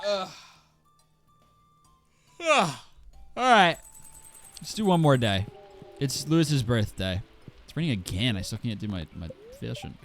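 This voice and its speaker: A man's voice: medium pitch, moderate pace, faint music behind. A man streaming a farming game, chatting casually with viewers and exclaiming over loot. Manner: animated, exclaiming, talks to chat. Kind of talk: casual gameplay commentary.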